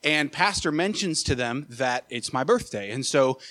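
A young man preaching, telling a personal story in an animated way, with many filler uhs and repeated words. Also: medium pitch, normal speed. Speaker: associate pastor. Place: church sanctuary.

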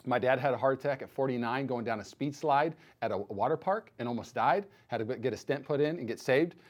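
A man in his thirties preaching a sermon as pastor, telling a personal story with animated acted-out dialogue. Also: mid-range voice, a little fast. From United States. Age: 30s. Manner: animated storytelling, acts out quoted voices.

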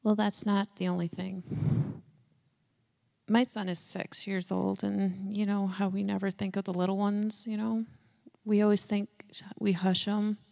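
Emotional mother with a gravelly warm voice. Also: mid-range voice, little pitch movement, measured pace. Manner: earnest, heartfelt. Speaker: mother sharing a testimony. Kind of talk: church testimony.

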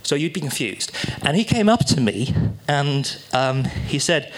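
A man performing a halting, confessional stand-up set at a small live venue, darkly joking with the audience. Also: fairly high pitch, sing-song.

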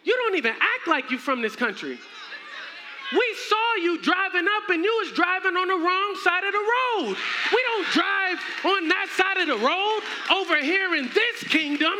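A man voicing an indignant royal palace official who scolds and mocks an outsider loudly. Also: high voice, huge pitch swings, moderate pace, few pauses, a crowd in the background. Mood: scornful, indignant. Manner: scolding, mocking, loud. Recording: echoey hall, faint noise.

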